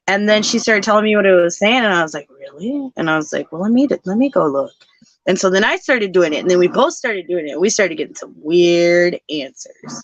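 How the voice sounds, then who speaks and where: A woman co-host chats casually, winding through her story with plenty of "like" and "I was like." Her voice sits at a middle pitch and sounds a little dull and lo-fi. The sound is dry, with almost no room echo. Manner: rambling storytelling, many fillers. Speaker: podcast co-host. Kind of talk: casual chat.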